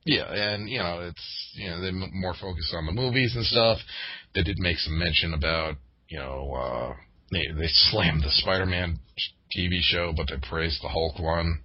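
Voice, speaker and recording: A man's voice: sits low, normal speed, slightly rough, dry recording. A man co-hosting a casual podcast chat, hesitant, with many fillers and restarts. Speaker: podcast co-host. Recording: dull lo-fi sound.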